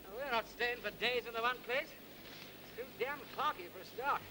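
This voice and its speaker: An actor playing a breezy lord and gentleman detective, with a clipped, jaunty aristocratic manner, in a 1970s TV crime drama. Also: very high voice, normal speed, heavily acted. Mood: breezy commanding. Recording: 1970s TV film sound, light hiss.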